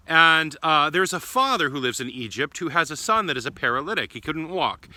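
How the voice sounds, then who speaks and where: A priest tells a saint's story in a short homily, gentle and affectionate in manner. His voice is very bright and sharp, pitched a little above most men's. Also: dry recording. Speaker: Orthodox priest. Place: church grounds.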